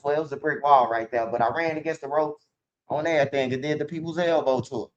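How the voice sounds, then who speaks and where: A man's voice: fairly high pitch, fairly even intonation, fast talker. A man talking casually to the camera in a rambling, profane street manner, recorded with dull lo-fi sound.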